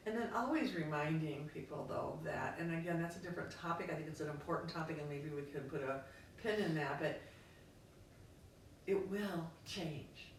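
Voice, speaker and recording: A woman's voice: low-pitched, moderate pace. A woman co-hosting a casual talk, thinking aloud in a reflective way with lots of fillers. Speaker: podcast co-host. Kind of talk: casual conversation. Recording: echoey room from far off, faint noise.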